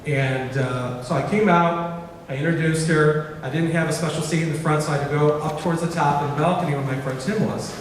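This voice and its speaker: Animated man telling a story in an echoey hall. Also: on the high side, brisk, a little hiss or hum. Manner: animated storyteller, acts out dialogue. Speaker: keynote speaker. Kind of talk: storytelling speech. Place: large auditorium. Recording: echoey hall recorded from far off.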